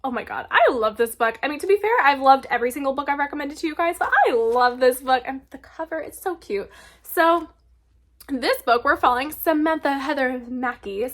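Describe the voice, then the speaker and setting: A young woman chatting casually and excitedly about books she loves, with lots of filler words. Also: sits high, a little fast. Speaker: book reviewer. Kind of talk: casual book recommendation vlog.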